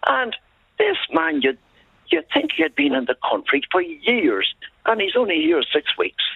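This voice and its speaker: A man's voice: extremely high pitch, huge pitch swings, moderate pace, vocal fry, breathy edge, no echo. A male caller on a radio phone-in, telling stories in an emphatic, chatty way. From Ireland. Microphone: telephone. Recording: tinny phone line.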